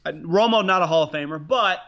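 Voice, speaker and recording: A podcast co-host talks sports in a rambling, excitable way, a little fast and swearing freely. His voice sits a bit high, and the recording sounds muffled and lo-fi.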